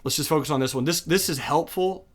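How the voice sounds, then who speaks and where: A young adult man teaching day trading over a screen share, chatty and casual, thinking aloud with fillers and quick self-corrections. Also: a little high. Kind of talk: screen-share chart lesson.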